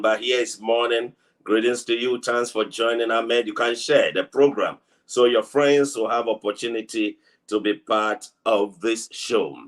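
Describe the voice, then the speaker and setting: A man's voice: mid-range voice, a bit bright. A man with a Ghanaian accent hosting a live online news show, chatting and greeting viewers by name. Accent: Ghanaian English.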